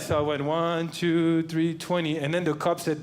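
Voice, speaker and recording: A man doing stand-up comedy, telling a story in a slow, deadpan way, into a handheld mic on a club stage. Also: on the high side. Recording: noisy room with laughter.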